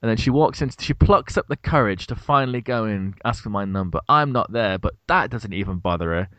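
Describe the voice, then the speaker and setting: A man's voice: fairly quick, dry recording. A British man in his thirties, telling a funny story in casual chat and acting out the quotes. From Britain. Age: 30s. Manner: animated storyteller, acts out quotes with big pitch jumps. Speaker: podcast co-host.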